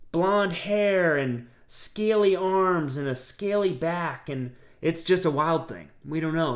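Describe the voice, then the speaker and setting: A man reading a picture book aloud, gently pausing to ask his listeners questions. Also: a little high. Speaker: storybook reader. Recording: roomy echo.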